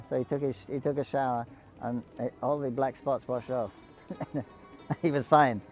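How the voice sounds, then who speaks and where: A man casually telling devotional stories to a group, halting often with restarts, coughs and throat clearing. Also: mid-range voice, fairly even intonation, a little mellow, faint music behind, poor audio. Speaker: storyteller speaking to pilgrims.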